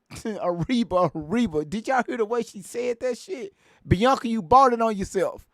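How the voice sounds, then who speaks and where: Laughing high-voiced male streamer. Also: moderate pace, a bit bright, no echo, clean studio sound. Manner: laughing, profane, loose banter. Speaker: livestream host. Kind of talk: casual live-stream chat.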